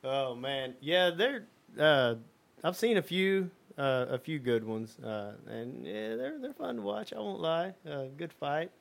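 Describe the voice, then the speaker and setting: A man co-hosting a podcast, his voice sitting a bit high for a man. He tells rambling stories full of fillers and slips into voices for the people in them. The talk is loose and casual. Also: animated, measured pace, vocal fry. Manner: rambling storyteller, lots of fillers. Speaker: podcast co-host. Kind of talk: casual chat.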